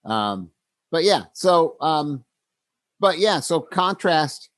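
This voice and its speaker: A man's voice: fairly high pitch, sing-song, takes it slowly, a bit bright, no room sound. A man co-hosting a casual podcast, talking reflectively with many fillers and restarts. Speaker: podcast co-host.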